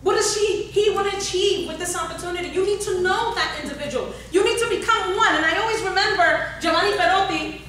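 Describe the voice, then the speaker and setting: A woman's voice: very high-pitched, brisk, few pauses, fairly bright tone, a little hiss or hum. A woman giving a motivational workshop talk, urging her audience with repeated calls and questions, recorded in a large hall. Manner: exhorting, repetitive, asks the audience questions. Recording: echoey hall, speaker far from the recorder.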